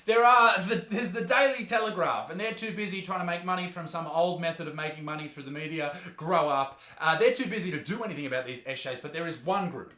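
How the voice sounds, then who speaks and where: A man's voice: a little high, a little fast, few pauses, bright, forceful tone, roomy sound. Sarcastic Australian man ranting. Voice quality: crude, sarcastic. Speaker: comedy youtuber. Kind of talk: ranting comedic commentary.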